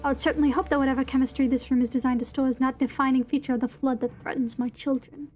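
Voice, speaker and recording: A woman voicing a grandiose Victorian gentleman in a put-on English accent, reading his journal theatrically. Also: sits high, steady tone, racing, faint music behind, natural voice. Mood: pompous.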